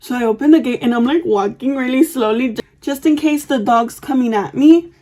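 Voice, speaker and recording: A woman's voice: sits high, brisk, mellow. This is a young woman vlogging from home while she gets ready. She rambles through her stories with plenty of "like" and "um" and drops casual swear words. Her voice sits slightly above the usual range for a woman. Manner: chatty, swears freely, lots of fillers and asides. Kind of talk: get-ready-with-me storytelling.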